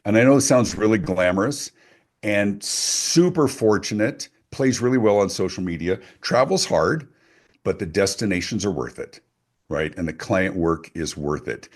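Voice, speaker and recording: Middle-aged male guest, low voice with big swings, punchy salesman delivery. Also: expressive, moderate pace. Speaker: guest speaker and author. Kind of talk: animated interview talk.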